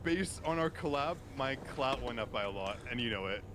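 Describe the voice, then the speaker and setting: A man's voice: mid-range voice, lively intonation, moderate pace, fairly bright tone. A man chatting with a fellow streamer during a game, playfully boasting and needling back. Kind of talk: casual livestream banter.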